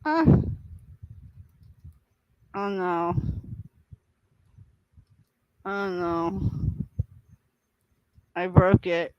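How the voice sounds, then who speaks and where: A woman's voice: fairly low pitch, steady tone, drawn-out words, long pauses, dry recording, lo-fi sound. A woman chatting casually as a guest on a livestream, playful and teasing and laughing often.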